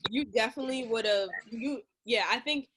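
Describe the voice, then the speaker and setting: A young woman hosting an interview in a relaxed, slangy, casual way, teasing her guest. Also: fairly high pitch, a little fast, breathy edge. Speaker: interview host. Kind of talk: casual chat.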